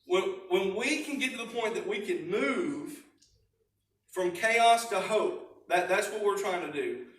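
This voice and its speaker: A man's voice: high-pitched, animated, normal speed, fairly bright tone, distant mic. A married man leading a church recovery lesson, telling a personal story in plain, folksy talk and laughing often. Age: adult, married. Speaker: recovery group leader. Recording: echoey church hall, speaker away from mic.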